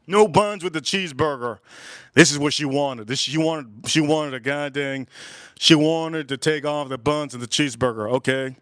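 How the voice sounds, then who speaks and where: Rambling, laughing man with a smooth voice. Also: mid-range voice, normal speed, dry recording, clean studio sound. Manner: rambling, repeats himself, swears casually; animated, laughing while telling a story. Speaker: livestream host. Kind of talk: casual storytelling on a cooking livestream.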